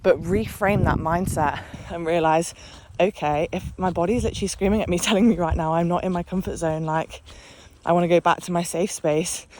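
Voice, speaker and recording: A woman's voice: on the low side, steady tone, brisk. A woman vlogger giving an earnest, passionate motivational talk to camera, with long run-on, repetitive sentences. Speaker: lifestyle vlogger. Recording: loud background noise.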